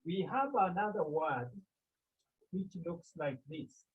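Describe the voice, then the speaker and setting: A Cameroonian man leads a Greek lesson at an unhurried, measured pace. His voice is a little husky. It comes through a thin, phone-like line. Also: fairly high pitch, lively intonation. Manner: slow, deliberate, repeats key points and checks with "Okay?". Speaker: Greek teacher. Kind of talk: classroom lecture.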